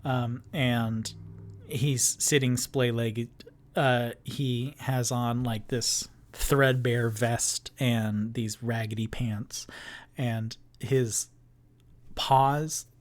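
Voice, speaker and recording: A man narrating as game master of a solo tabletop game, describing scenes in an unhurried way with many fillers. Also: medium pitch, steady tone.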